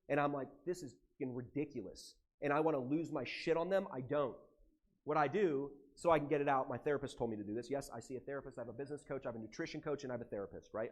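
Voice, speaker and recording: An animated, emotional American man giving a live seminar talk to a conference audience and swearing casually. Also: a little high. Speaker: conference speaker.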